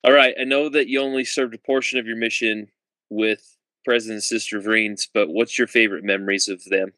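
Host: a man with a low, bright, forward voice, relaxed and chatty, in a dry, close sound. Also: fairly quick, no echo, low-quality recording. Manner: easygoing, laughs along, reflective. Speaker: podcast host. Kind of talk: casual interview chat.

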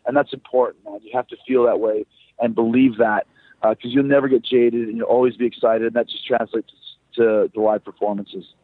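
A man's voice: medium pitch, steady tone, brisk, breathy edge, no echo. A man, a rock band frontman, chatting loosely as a guest in a phone interview, swearing and storytelling. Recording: tinny dry phone line.

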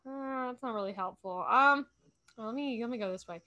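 A woman playing a guessing game, chatting casually and thinking out loud, often correcting herself mid-sentence. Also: a little high, brisk. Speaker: game streamer. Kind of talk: casual gameplay chat.

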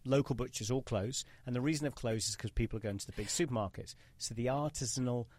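A man's voice: medium pitch, fast talker, darkish tone. A man hosting a podcast in casual conversation, talking in an opinionated, emphatic and rambling way. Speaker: podcast host. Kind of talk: casual interview chat.

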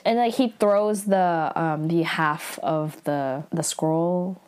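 A young adult woman giving a casual episode recap, chatty and full of "like", with quick reactive asides. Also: deep voice, a little mellow, clean tone. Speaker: drama recap vlogger.

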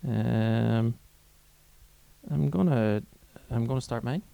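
A man's voice: medium pitch, slow pace, creaky, dark tone, smooth, no room sound. A man co-hosting a casual chat, teasing and bantering. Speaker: co-host.

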